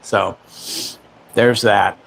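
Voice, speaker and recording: A man's voice: lowish voice, steady tone, very slow, vocal fry, fairly bright tone, a little hiss or hum. Sarcastic man in his forties. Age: 40s. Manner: joking, sarcastic, laughs often. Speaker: livestream host. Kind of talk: casual livestream chat. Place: home, in Florida.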